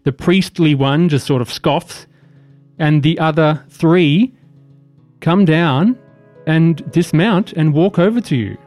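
A man narrates a tabletop game as game master in a measured, descriptive way. His voice sits a little high for a man. Soft music runs faintly behind him. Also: no echo.

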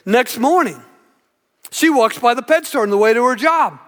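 An earnest male pastor preaches in a very high, bright voice and repeats key words for emphasis. The recording carries long reverb from a church sanctuary. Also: lively intonation, normal speed. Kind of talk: sermon with storytelling. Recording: echoey hall reverb.

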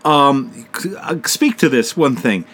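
Rambling man with a lively voice. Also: medium pitch, slow. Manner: rambling, profane, laughs often. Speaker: co-host. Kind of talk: casual radio chat.

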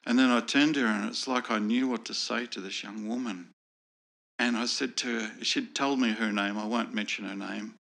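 A man with a gravelly low voice, telling a personal faith story to an interviewer. His tone is earnest and reflective, with a bright, forward edge to his voice. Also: steady tone, moderate pace. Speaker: guest sharing personal testimony.

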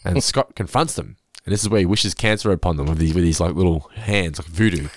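A man's voice: low-pitched, fast talker, dry recording, studio quality. A man in his thirties, a podcast host casually recapping scenes and mimicking quotes. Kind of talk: casual episode recap chat.

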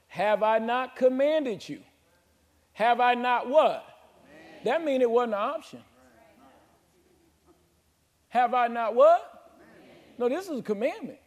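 A man preaches in a high, ringing voice, urging the congregation to answer back and stretching out scripture verses. The sound carries a long reverb from the church sanctuary. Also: darkish tone. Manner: emphatic call-and-response preaching, drawn-out scripture reading. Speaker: pastor. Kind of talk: sermon.

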